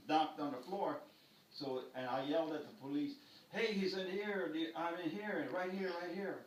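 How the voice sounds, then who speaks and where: A man's voice: fairly high pitch, slight background noise. An older man and karate teacher recounting a home break-in, acting out the voices and moves as he tells it. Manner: animated storyteller acting out the scene. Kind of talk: telling a personal story. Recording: echoey room picked up from a distance.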